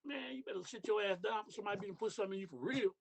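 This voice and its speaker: A man's voice: high-pitched, rapid-fire, gravelly, slight background noise. A middle-aged man from Detroit, a podcast guest in casual interview chat, talking loosely in street slang with lots of "you know what I mean".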